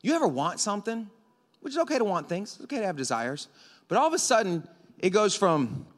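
A man preaching a sermon into a microphone, animated and breaking into yelling at times. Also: high-pitched, a little fast. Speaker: pastor. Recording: reverberant hall.

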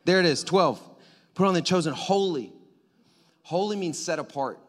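Preaching man, loud then whispered. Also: a little high, moderate pace. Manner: swings from loud emphatic preaching to hushed near-whispers; conversational, addresses congregation directly. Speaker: pastor. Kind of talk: sermon.

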